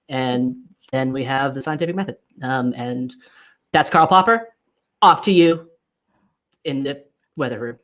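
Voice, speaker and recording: A man guest on a casual podcast, laid-back and rambling, swearing casually. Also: mid-range voice. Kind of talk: casual chat.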